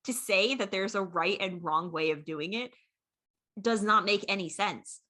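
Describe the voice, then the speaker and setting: A woman co-hosting a podcast in casual chat, talking in an excited rush with many fillers. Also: medium pitch, unhurried. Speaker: podcast co-host.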